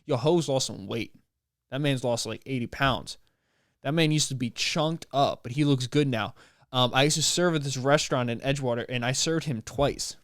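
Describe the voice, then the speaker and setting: A young man, hosting his podcast and talking in a rambling, animated, slangy way. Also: medium pitch, normal speed, no echo, studio quality. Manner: rambling, animated, slangy, with playful put-on voices. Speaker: podcast host. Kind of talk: casual solo podcast monologue.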